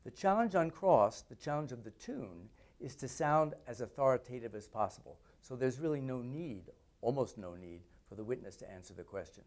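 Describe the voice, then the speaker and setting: A middle-aged man gives a lesson on courtroom questioning, his voice sitting at a medium pitch. He speaks deliberately and acts out sample questions to show how tone carries meaning. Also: expressive, darkish tone. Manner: deliberate, demonstrates questioning tones. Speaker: trial advocacy teacher. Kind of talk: instructional talk with mock courtroom questioning.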